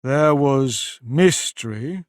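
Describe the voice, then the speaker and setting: A man reads as a woeful storybook Mock Turtle who stretches every word into a heavy, self-pitying drawl. The voice rides a little above his narrating voice and swings widely in pitch. The recording is dry and close. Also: lively intonation, dry recording. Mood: mournful. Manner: slow, drawn-out, mournful delivery. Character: sorrowful male Mock Turtle, sighing and sobbing. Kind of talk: audiobook character voice.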